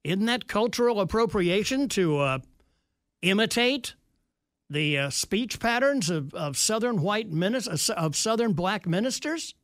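Talk radio host, male, fairly high voice, dry close sound, sardonic delivery while reading texts. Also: expressive, measured pace, fairly bright tone, dry recording. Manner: wry, sarcastic asides.

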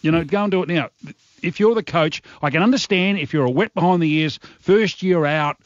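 Animated Australian man ranting on sport. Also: on the high side, fairly quick, no echo, dull audio. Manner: animated, exasperated rants. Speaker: sports commentator. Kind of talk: radio sports segment.

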